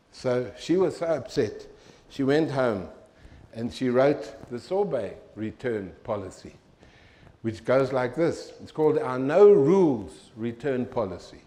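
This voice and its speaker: An older man, giving a humorous, animated storytelling talk to an audience as a keynote speaker. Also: medium pitch, measured pace.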